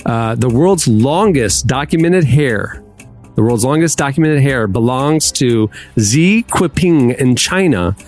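A man's voice: medium pitch, lively intonation, slow, a little mellow, faint music behind. A man hosting a trivia game on a podcast, playful and emphatic, often laughing between questions. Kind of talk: casual quiz hosting.

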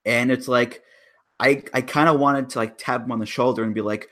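A man's voice: medium pitch, steady tone, brisk, fairly bright tone. A man in casual podcast chat, making his points carefully and stressing key words. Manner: analytical, emphatic. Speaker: wrestling podcast guest.

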